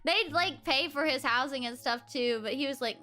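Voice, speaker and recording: A woman's voice: high-pitched, normal speed, sharp tone. A young woman in her twenties streaming as a VTuber, chatting casually and giggling often. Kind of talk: casual livestream chat. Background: faint background music.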